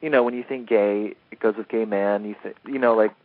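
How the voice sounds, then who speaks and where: A man's voice: fairly low pitch, fairly even intonation, a little fast. A man being interviewed as a comics editor, talking casually and eagerly, rambling a little and laughing easily. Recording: tinny phone-line audio.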